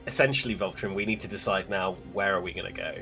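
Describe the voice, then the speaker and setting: A man's voice: sits low, fast talker, over music. A man playing a tabletop game, earnestly planning aloud. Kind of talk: casual in-character play.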